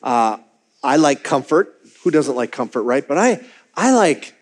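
A man's voice: medium pitch, big pitch swings, measured pace. A man preaching a sermon as pastor, talking candidly and conversationally, often restarting and repeating words as he goes. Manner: conversational and candid, acting out his own quoted thoughts.

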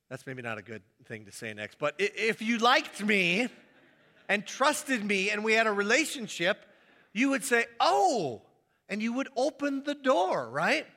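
Animated, bright-voiced preacher man. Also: high-pitched, moderate pace. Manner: animated, acting out little scenes with voices. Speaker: pastor. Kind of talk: sermon.

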